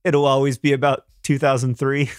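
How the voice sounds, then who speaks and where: A man's voice: mid-range voice, flat delivery, brisk, smooth, no echo. A man with an American accent in casual podcast chat, joking playfully and teasing his co-host. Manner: playful, dry teasing humor.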